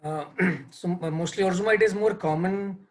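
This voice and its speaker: A man's voice: high-pitched, moderate pace. A man answering as an admissions counselor in a live webinar, hesitant with many fillers. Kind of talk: webinar discussion.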